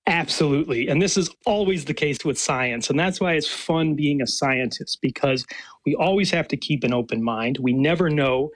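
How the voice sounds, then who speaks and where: An enthusiastic male scientist speaks in a slightly higher, husky voice. He explains at length and laughs lightly as he goes. The sound is dry and close. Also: moderate pace, no room sound. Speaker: paleontologist and professor. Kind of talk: radio interview answers.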